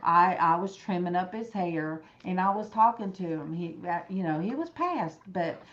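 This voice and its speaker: A woman from Alabama hosting a casual online chat, telling a long story in an animated, rambling way. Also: lowish voice, moderate pace, highs cut off. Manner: animated, rambling, acts out quoted voices. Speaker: host. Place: room indoors, echoey.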